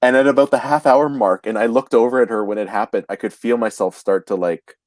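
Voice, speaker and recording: A man's voice: medium pitch, brisk, no echo. Guy spinning a story on a podcast, lots of restarts, dry sound. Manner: animated anecdote teller, chatty with many restarts. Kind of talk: casual storytelling chat.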